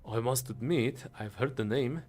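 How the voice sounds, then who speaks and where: A man's voice: medium pitch, normal speed, darkish tone, husky, soft background music, lightly acted. A man reading the lines of a friendly, curious dwarf engineer in a near-natural voice. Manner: reading game dialogue aloud.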